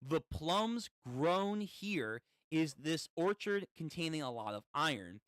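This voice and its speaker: A man reading a comic aloud in a casual, unhurried way, breaking off to react and swear. His pitch swings widely, and the recording is dry and close. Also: very animated, a bit bright, no room sound. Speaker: comic read-through host.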